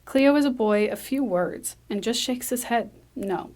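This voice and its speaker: A woman reading a screenplay aloud, brisk, with small slips and restarts. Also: fairly high pitch, darkish tone. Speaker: script reader.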